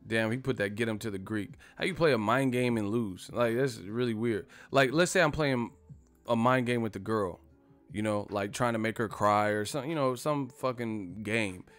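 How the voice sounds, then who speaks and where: A man's voice: mid-range voice, normal speed, fairly bright tone, faint music behind. A man hosting a casual live stream, rambling and swearing freely and laughing often.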